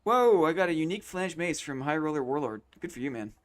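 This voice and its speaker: A man's voice: fairly high pitch, expressive, fast. A man chatting casually on a late-night game live stream, thinking aloud and repeating phrases to himself.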